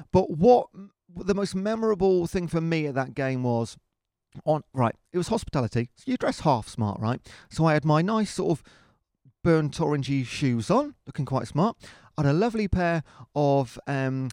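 A man co-hosting a casual football podcast tells his match-day stories with plenty of lift and swing in his pitch. He chats easily and laughs as a story builds. The recording is close and dry, with no room sound. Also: no echo. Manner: chatty, animated storyteller with rising laughs. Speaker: podcast co-host.

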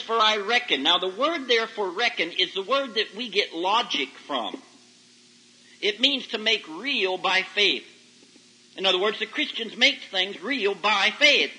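A man preaching a folksy sermon to young people, telling stories and rising to loud emphatic peaks. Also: sits high, low-quality recording. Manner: folksy, animated storytelling with sudden loud rises. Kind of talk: sermon to a youth service. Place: camp meeting service. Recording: old 1990s radio broadcast recording.

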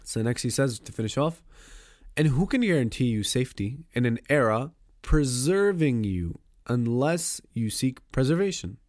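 A man hosting a podcast, explaining a poem in a casual lesson. He talks conversationally, asks himself rhetorical questions, restarts often, and recites verse in quick bursts. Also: medium pitch, expressive, a little mellow, dry recording, studio quality. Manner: recites Arabic verse rapidly.

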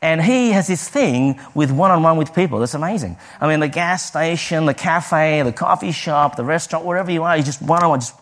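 A man preaching a sermon, telling personal stories with lively delivery and acting out the people he quotes. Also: on the high side, a little fast, few pauses. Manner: lively storytelling, acts out quoted voices.

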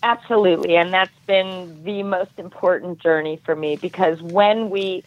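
Podcast guest, middle-aged woman, earnest storyteller, lowish voice, muffled dry sound. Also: normal speed. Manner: earnest, animated storytelling with acted-out quotes. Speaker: podcast guest, triathlon coach.

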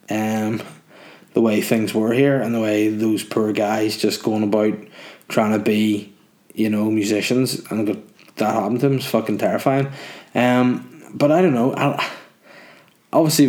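A man's voice: lowish voice, darkish tone. A man hosting a casual solo podcast, reading listener messages and answering them with crude jokes and rambling asides. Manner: crude, joking, rambling with frequent ums. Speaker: podcast host.

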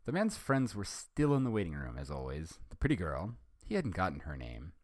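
A man's voice: deep voice, huge pitch swings, fairly quick, no room sound, studio quality. A man hosting a podcast, reading fan fiction aloud and chatting hesitantly, with many ums and self-corrections. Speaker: podcast host.

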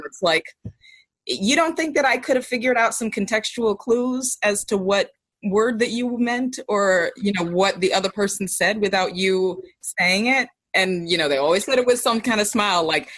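A woman's voice: mid-range voice, lively intonation, moderate pace, a bit bright. A woman, a podcast guest, talking casually and telling candid stories with a wry edge. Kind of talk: casual conversation.

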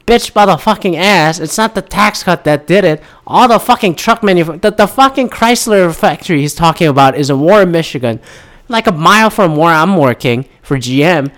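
A man's voice: a little high, animated, moderate pace, fairly bright tone. A man in a casual, rambling monologue, profane and sarcastic, a little tired as he winds down from caffeine. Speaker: vlogger.

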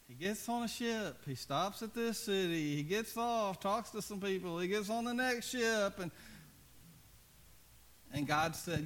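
A man preaching a sermon as pastor, conversational and earnest, often dropping soft and low for emphasis. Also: a little slow.

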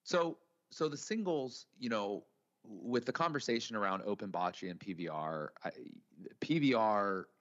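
A man's voice: lowish voice, lively intonation, a little slow, fairly bright tone, muffled recording. A man co-hosting a podcast in casual chat, telling stories and making his points with growing energy. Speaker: podcast co-host.

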